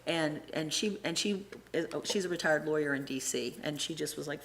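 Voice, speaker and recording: A middle-aged woman giving a casual, animated church talk, acting out the voices of people she quotes and often restarting her sentences. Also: deep voice, a little fast, vocal fry, slight background noise. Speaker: church presenter and Sunday school teacher.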